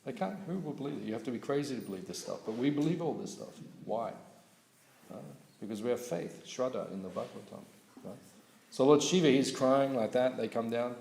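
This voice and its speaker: A man giving a morning scripture class at a temple, telling stories lively and checking in with his listeners. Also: mid-range voice, a little fast, creaky, slight background noise. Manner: lively storyteller, asks audience questions, laughs. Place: temple hall. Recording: echoey hall recording.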